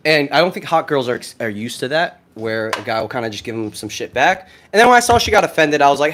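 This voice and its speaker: A brash young American man talking casually into his phone, profane and excitable as he answers viewer questions. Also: medium pitch, quick pace, few pauses. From United States. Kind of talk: casual vlog talk.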